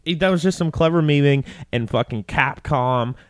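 A man's voice: on the high side, moderate pace, clean tone, dry recording, studio quality. Rambling, swearing podcast guy. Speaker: podcast co-host. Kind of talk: casual chat.

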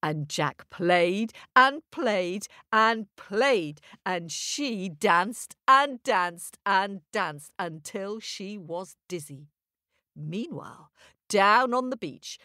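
A woman storyteller narrating a children's story in an animated, sing-song way. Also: mid-range voice, dry recording, studio quality.

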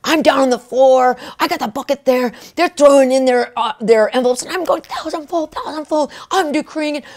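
A woman preacher with a slightly high voice tells her testimony in an animated, emotional way. She keeps tossing in "right?" and "like" as she preaches. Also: brisk, hardly any pauses. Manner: fillers like "right?" and "like". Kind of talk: live-streamed testimony preaching.

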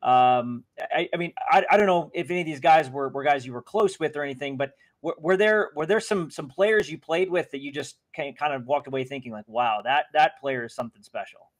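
A man hosting an interview, asking halting questions with restarts and quick affirmations. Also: fairly high pitch. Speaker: interview host.

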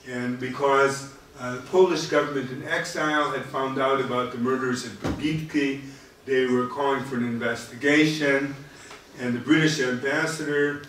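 A man giving a public history lecture, speaking in a measured, halting way with frequent fillers. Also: medium pitch, a little hiss or hum. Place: lecture hall. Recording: echoey hall, mic at a distance.

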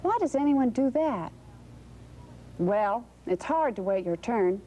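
A woman hosting a children's show, gently asking young viewers questions. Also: fairly high pitch, expressive, slow. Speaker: children's TV host.

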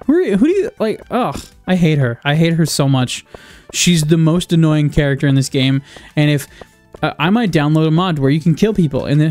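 A man's voice: a little high, expressive, moderate pace, darkish tone, faint music behind. A young man giving casual let's-play commentary, rambling, sarcastic and swearing, often cutting himself off mid-sentence. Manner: rambling, self-interrupting, swears a lot, sarcastic. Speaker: gaming video creator.

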